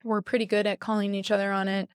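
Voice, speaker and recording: A woman's voice: medium pitch, level tone, fast, smooth, dry recording, clean studio sound. A woman hosting a podcast, telling stories animatedly and acting out quoted dialogue with frequent laughs. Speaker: podcast host, therapist. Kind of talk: casual conversational podcast.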